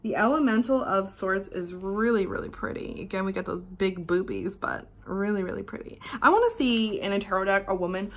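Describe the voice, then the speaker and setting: A young adult woman from Canada, chatting casually through a tarot deck unboxing in a hotel room, swearing offhandedly and drifting into soft asides. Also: mid-range voice, a little fast, few pauses. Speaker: tarot vlogger. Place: hotel room while travelling.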